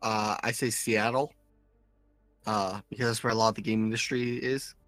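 A man co-hosting a podcast, reading listener comments aloud in a casual, halting way. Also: fairly low pitch, steady tone, over music. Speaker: podcast co-host. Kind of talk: casual chat.

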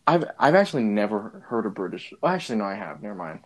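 A man's voice: fairly low pitch, very animated, fast talker, few pauses. A young man in casual chat, rambling with lots of fillers and restarts, laughing often.

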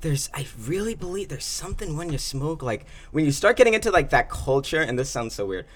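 A man's voice: on the high side, big pitch swings, brisk, fairly bright tone. A young man in casual chat, rambling with many fillers and laughing often.

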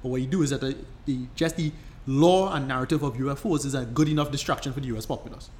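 A man's voice: medium pitch, quick pace, darkish tone. A man co-hosting a podcast, explaining at length in casual chat, rambling and restarting his sentences. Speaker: podcast co-host.

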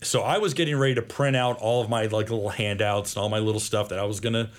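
A man's voice: lowish voice, quick pace. Man, magazine publisher, podcast guest, storyteller, mimics voices in his stories. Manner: lively storyteller acting out quoted voices. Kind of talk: storytelling interview chat.

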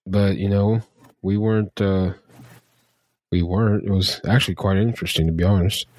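A man's voice: sits low, steady tone, normal speed, darkish tone, dry recording. A man in casual chat who jokes and teases, stumbling over words now and then.

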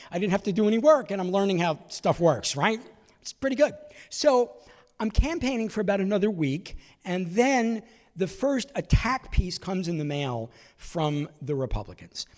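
Sex: man. Role: stand-up comedian. Style: storytelling set. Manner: wry, conversational, acts out quoted voices. Pitch: somewhat high. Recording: long hall reverb. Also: sing-song, moderate pace.

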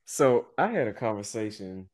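A man's voice: on the low side, very animated, normal speed, a little mellow, dry recording, studio quality. Laid-back, slangy male podcast host. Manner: laid-back storyteller, slangy, laughs often, many restarts. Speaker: podcast host and business owner. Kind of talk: casual podcast chat.

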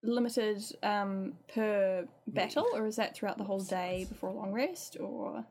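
A woman's voice: medium pitch, fairly even intonation, measured pace, darkish tone. A woman playing a tabletop game, chatty and hesitant, laughing often. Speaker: player.

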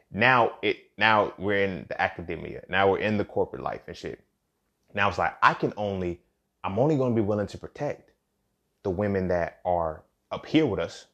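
Dude with ranting on his own podcast, lots of cussing and slang, keeps repeating himself. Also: lowish voice. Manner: profane, animated street slang, repeats phrases. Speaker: podcast host. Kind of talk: casual monologue.

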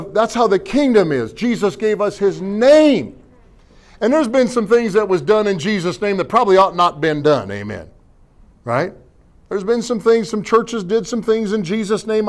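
A middle-aged man with a high-pitched voice preaches a sermon as pastor. He's folksy and jokey, tossing in amens and rhetorical questions.

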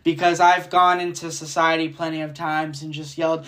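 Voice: mid-range voice, fairly even intonation, normal speed, few pauses, fairly bright tone. A podcast host delivering a casual solo rant, profane and rambling, jumping between thoughts.

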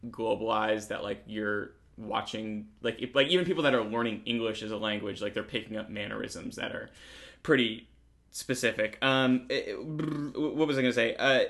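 A young man from Connecticut hosting a casual chat, rambling, restarting sentences, and filling every pause with "like". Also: fairly low pitch, a bit bright. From Connecticut, USA. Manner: rambling, many "like" fillers, restarts. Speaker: podcast host.

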